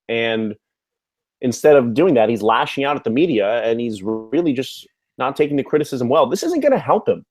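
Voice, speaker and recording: Young male co-host, measured and explanatory, medium pitch. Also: big pitch swings, a little mellow. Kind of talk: casual sports talk.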